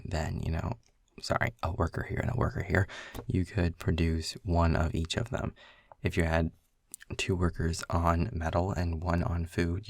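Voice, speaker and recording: A man's voice: low voice, gravelly, slightly rough, dry recording, studio quality. A young man in a casual boyfriend role-play, rambling through game rules with lots of filler words. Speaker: audio role-play creator.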